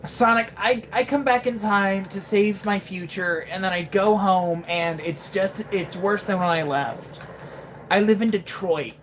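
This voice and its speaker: A woman's voice: mid-range voice, measured pace, a little hiss or hum, natural voice. A woman voicing a laid-back, stoned male hedgehog from a ruined future, talking in a lazy slacker drawl.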